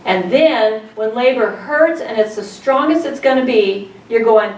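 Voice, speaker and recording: This middle-aged woman runs a childbirth class, telling stories and quizzing her students in a fairly high, animated voice. She's unhurried yet hardly pauses, and the audio is roomy and distant with faint room noise.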